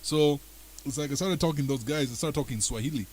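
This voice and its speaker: Guy guesting on radio, bit high voice, chatty storyteller, does little impressions. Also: fast, slight background noise, rough recording. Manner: animated storyteller, mimics other accents. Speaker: radio guest, music producer. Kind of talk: casual radio chat. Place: radio studio.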